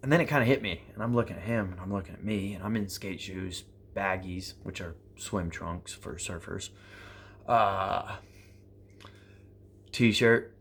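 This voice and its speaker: A man in his thirties telling motivational stories to his viewers, animated and profane, acting out the people in his stories. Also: deep voice, a little slow, slight background noise. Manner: animated, acts out quoted exchanges, profane, repeats phrases for emphasis. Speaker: prepper vlogger. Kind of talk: motivational storytelling to camera.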